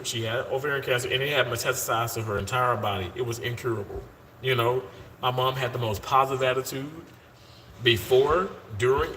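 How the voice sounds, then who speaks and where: A man's voice: mid-range voice, sharp tone, a little hiss or hum. A man in his thirties on a casual live stream, upbeat and talkative, calling viewers y'all and often restarting his sentences. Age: 30s. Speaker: live-streaming surgical worker. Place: hospital.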